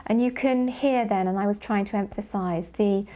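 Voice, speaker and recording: A woman who is a literary scholar, speaking deliberately in a documentary interview and reading poetry aloud with marked stress. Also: mid-range voice, dark tone.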